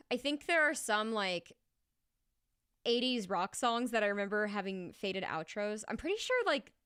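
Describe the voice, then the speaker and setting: A woman singer chatting casually on a livestream between vocal takes, reading chat aloud and clearing her throat often. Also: medium pitch, fairly bright tone, dry recording, clean studio sound. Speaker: singer streaming vocal tracking.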